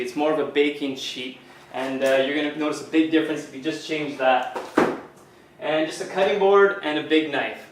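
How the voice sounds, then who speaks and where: A man's voice: a little high, a bit bright, roomy sound, slight background noise, low-quality recording. A man from Canada, a fitness coach, talking casually to camera while showing a recipe in his home kitchen, with lots of fillers. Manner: chatty, loose, with many fillers like "you know". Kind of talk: casual cooking demo to camera.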